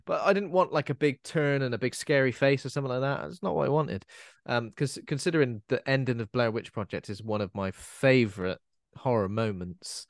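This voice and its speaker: A man's voice: medium pitch, brisk, no echo, studio quality. Chatty man reviewing films on a podcast. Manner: rambling, self-correcting, jokey, animated when quoting. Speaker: podcast co-host, film critic. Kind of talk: casual film review chat.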